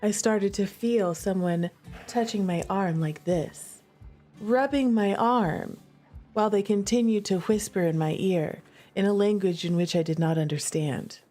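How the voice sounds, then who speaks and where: A woman with a drawl tells a personal ghost story in a loose, conversational way. Her pitch sits in the middle of the range, and she stumbles and restarts as she goes. Faint music plays under her voice. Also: unhurried. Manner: chatty, animated storyteller with frequent restarts and fillers. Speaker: streamer. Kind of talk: casual storytelling.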